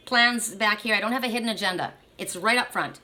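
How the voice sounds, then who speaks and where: A woman's voice: mid-range voice, a little fast, sharp tone. A woman giving a spiritual card reading, speaking emphatically, repeating phrases and often checking in with "right?". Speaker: oracle card reader.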